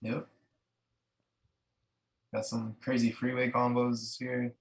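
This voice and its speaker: A man's co-host voice, flat and level in tone, answering in short, low-key lines during a casual podcast chat. He talks quietly and says little. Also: takes it slowly.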